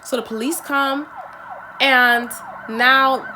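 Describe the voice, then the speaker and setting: A woman's voice: high-pitched, slow, noisy background. A young woman telling a storytime vlog about buying her first car, acting out the people in it. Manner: animated, acts out quoted voices.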